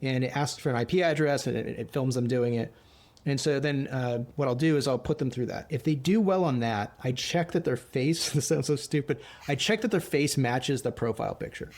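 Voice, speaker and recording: A man hosting a podcast, chatting casually and telling lively anecdotes in which he acts out the dialogue. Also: mid-range voice, fairly quick. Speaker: podcast host. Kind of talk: casual conversational storytelling.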